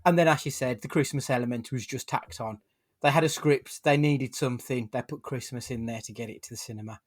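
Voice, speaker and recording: A man's voice: mid-range voice, fairly quick, dry recording, clean studio sound. A man hosting a casual film podcast, joking and swearing freely while he leads the chat. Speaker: podcast host.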